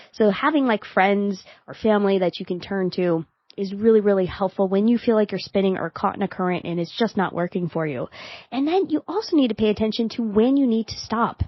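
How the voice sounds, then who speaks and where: A woman's voice: medium pitch, dry recording. A woman hosting her own podcast in a candid, chatty and self-mocking way. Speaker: podcast host. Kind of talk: conversational solo podcast. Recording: dry, slightly dull podcast audio.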